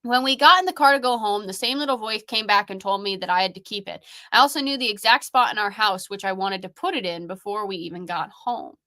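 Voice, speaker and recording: A woman's voice: mid-range voice, fast talker, few pauses, pushed and bright. A young woman co-hosting a paranormal show, reading a case file aloud in a playful, laughing way. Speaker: co-host, paranormal investigator.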